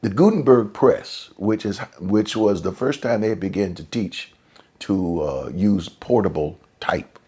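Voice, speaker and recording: A man preaching a sermon in a conversational way. He repeats and restarts phrases, and his pitch and volume jump up suddenly for emphasis. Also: unhurried, dark tone, husky. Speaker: pastor.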